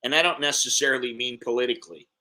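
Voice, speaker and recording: A man's voice: mid-range voice, fairly even intonation, quick pace, pushed and bright. A middle-aged American man telling a rambling story in a casual vlog, repeating words and acting out what others said. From United States. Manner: rambling, repeats words, acts out quoted voices. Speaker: expat vlogger.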